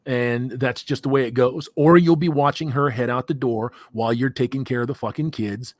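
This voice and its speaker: A man's voice: mid-range voice, fairly even intonation, normal speed, no echo, studio quality. A man guesting on a livestream, talking casually and emphatically with heavy swearing. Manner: emphatic, profane.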